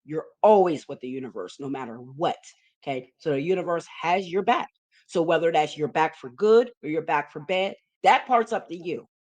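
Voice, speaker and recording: A woman's voice: low-pitched, expressive, moderate pace. A woman hosting a numerology forecast video, talking through slides in an emphatic, repetitive way and often checking in with listeners. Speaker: numerology forecaster, show host.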